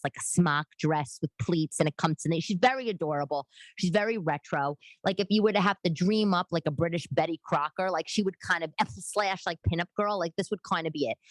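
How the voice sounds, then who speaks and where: A woman, hosting a casual chat show and talking in rambling tangents with quick voiced asides. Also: sits low, no room sound. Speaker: podcast host and comedian.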